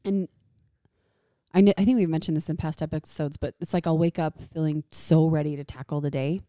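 A young mom with a low, mellow voice tells stories on a podcast, playing every part of the conversation with lively energy. She is heard close and dry. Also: fairly quick, no echo. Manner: animated storyteller who acts out quoted dialogue. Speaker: podcast co-host. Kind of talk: casual chat.

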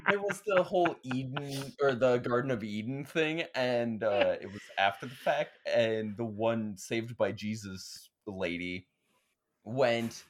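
A man's voice: mid-range voice, a little slow. A man co-hosting a podcast, telling a rambling college anecdote in casual chat, swearing and laughing along. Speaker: podcast co-host.

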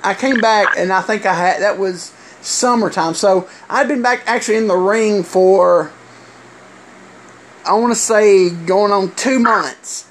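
A middle-aged man, a former wrestler telling stories in casual chat, halting and full of fillers. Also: high voice. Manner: rambling, halting with many fillers. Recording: loud hiss with clicks.

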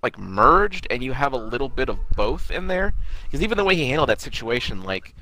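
A man in casual conversation, analyzing a TV episode and thinking out loud about what a character's behavior means. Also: mid-range voice, very animated, a little fast, a little hiss or hum, poor audio. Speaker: podcast co-host.

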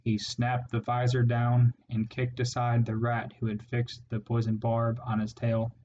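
A male narrator reads a storybook in a slow, measured way with a fairly flat tune. The recording is slightly dull, with a faint hiss underneath. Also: medium pitch. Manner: steady measured reading. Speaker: audiobook narrator. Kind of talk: storybook reading.

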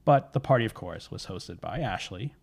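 Guy w a lowish voice rambling thru a story, lots of "you know"s. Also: expressive, moderate pace, gravelly, darkish tone, husky. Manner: rambling, many fillers, self-correcting. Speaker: podcast storyteller. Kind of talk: casual storytelling chat.

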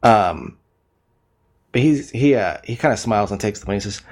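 A man with a fairly low voice narrates a tabletop game as game master. He pauses often and fills the gaps with ums. He is heard over an online voice call. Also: expressive, a little mellow. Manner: hesitant, frequent ums.

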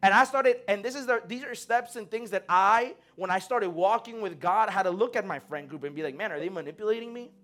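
A young man preaching in a relaxed, conversational way, full of slang and acted-out quotes. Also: high-pitched, brisk, hardly any pauses, faint music behind. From United States. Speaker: pastor. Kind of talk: sermon.

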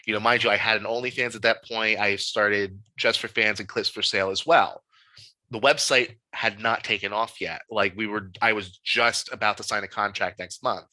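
Animated bright-voiced man telling stories. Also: lowish voice, moderate pace, no echo, poor audio. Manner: animated, emphatic storyteller. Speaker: podcast guest. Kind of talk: casual storytelling.

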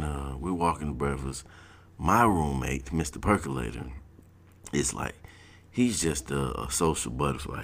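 A man with an extremely low, deep voice, telling a personal story in a relaxed, casual way. He talks in loose, slangy speech with plenty of fillers. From South Georgia, US. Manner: laid-back, slangy, laughs at his own story.

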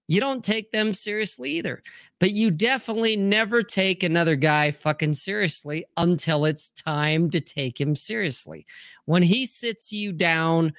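A man's voice: sits high, a bit bright, dry recording. Profane ranting man, dry sound. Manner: profane, ranting, acts out quotes. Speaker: livestream host. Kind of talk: crude casual chat.

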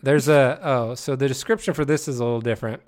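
A man's voice: medium pitch, fast, a little mellow. A man hosting a casual guessing game, reading descriptions aloud, often laughing mid-sentence and stumbling over words. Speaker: game host.

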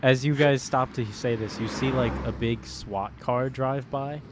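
A man's voice: medium pitch, unhurried, heavy background noise. A man narrating a tabletop role-playing game as game master, casual and loose, with filler words.

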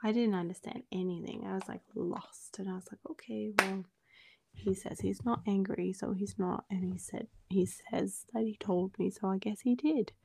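A woman's voice: mid-range voice, steady tone, normal speed, creaky, heavy background noise. A woman co-hosting a podcast, telling a story in casual chat, with lots of "like"s as she acts out the quoted dialogue. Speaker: podcast co-host.

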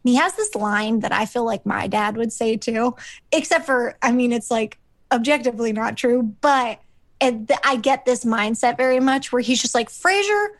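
A woman's voice: a little high, moderate pace, no echo. A woman co-hosting a podcast, recapping a sitcom episode in a rambling, casual way with lots of fillers, acting out the characters' lines. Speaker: podcast co-host.

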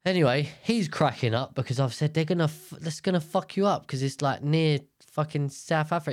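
A man's voice: a little high, a little fast, hardly any pauses, no room sound, studio quality. A young man telling a rambling, self-mocking story in a casual monologue.

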